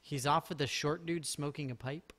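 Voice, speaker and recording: A man's voice: on the high side, fairly even intonation, normal speed, fairly bright tone. Chatty, rambling male game streamer. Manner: rambling, chatty, self-mocking jokes. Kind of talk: casual live-stream commentary.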